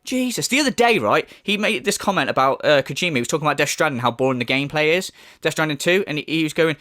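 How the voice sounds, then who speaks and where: A man's voice: fairly high pitch, expressive, fast, sharp tone. A man giving profane, sarcastic commentary, mocking another streamer as he rants. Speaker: commentary YouTuber. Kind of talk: ranting commentary.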